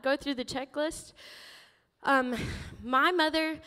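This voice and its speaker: A woman pastor preaching a sermon in a church, emotional and animated, laughing often as she tells stories. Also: a little high, normal speed, clear, resonant tone, big-room sound. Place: church sanctuary.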